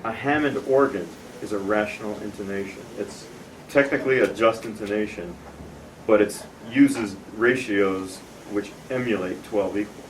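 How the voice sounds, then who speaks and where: A man with a lowish voice demonstrates tuning software to a small group, explaining each step patiently and casually at a moderate pace. Background noise comes through on the distant room mic.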